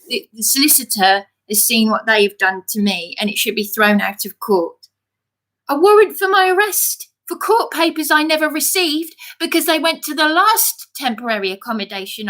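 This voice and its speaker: A woman's voice: sits high, sharp tone. Indignant woman, feeling ill. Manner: rushed, indignant, restarts and repeats. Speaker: vlogger. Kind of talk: agitated personal account to camera.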